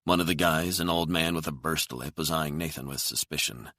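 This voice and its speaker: A man narrating a thriller audiobook in a steady, measured reading. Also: a bass voice, no echo.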